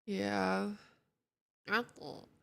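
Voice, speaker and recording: A young woman chats with her stream audience from home, greeting people one after another. Her sleepy morning voice carries a gravelly fry, and she speaks at an unhurried, slow pace. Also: medium pitch. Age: young adult. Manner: greets chat viewers one by one, relaxed and chatty. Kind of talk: casual chat.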